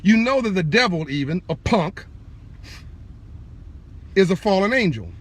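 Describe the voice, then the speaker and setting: Man on a live video, husky voice, swooping inflection, fervent sermon-like delivery to camera. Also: high-pitched. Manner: fervent, direct, preachy, repetitive emphasis; insists on being calm and measured. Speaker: speaker addressing online viewers. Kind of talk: impassioned live-video monologue.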